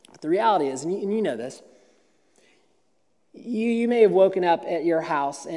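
Preaching in a church auditorium, a pastor delivers a conversational sermon full of stories, often repeating and restarting his words. His voice is on the high side with a darkish tone, and the large hall gives the recording a long reverb.

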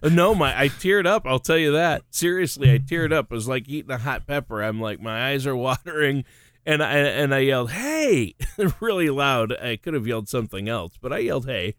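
Middle-aged guy cohosting a radio show, smooth resonant voice, dry sound, rambly storyteller who laughs a lot. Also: mid-range voice, a little fast, a bit bright, no room sound. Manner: chatty storyteller, laughs often. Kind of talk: casual chat.

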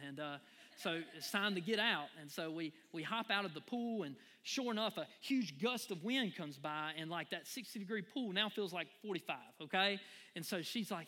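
A man preaches to his congregation in a lively, folksy way. His voice sits high and bright, and it carries with a long reverb through a large church hall. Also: a little fast. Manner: animated, folksy, addresses the crowd as y'all. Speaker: pastor. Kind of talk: sermon with personal story.

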